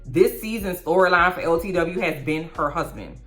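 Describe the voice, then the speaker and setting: Sassy low-voiced woman vlogger. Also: normal speed, faint music behind. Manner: animated, slangy, sassy asides. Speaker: TV recap vlogger. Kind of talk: casual chat.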